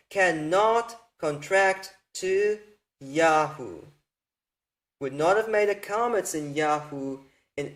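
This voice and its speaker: A man giving a patient, methodical lesson on Hebrew vowel points, repeating the key points as he goes. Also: high-pitched. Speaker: Hebrew grammar teacher. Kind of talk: slow explanatory lecture.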